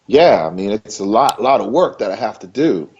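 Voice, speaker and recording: Emphatic low-voiced man, dull lo-fi sound. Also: animated, moderate pace, darkish tone, breathy edge. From Maryland. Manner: emphatic, repetitive, loose and conversational. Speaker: interview guest, bodybuilder. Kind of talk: casual interview talk.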